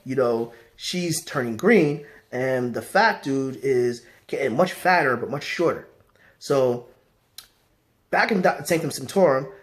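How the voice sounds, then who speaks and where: A man vlogging a casual comic book story recap, rambling with lots of fillers. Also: medium pitch. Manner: rambling, many fillers like "you know" and "basically".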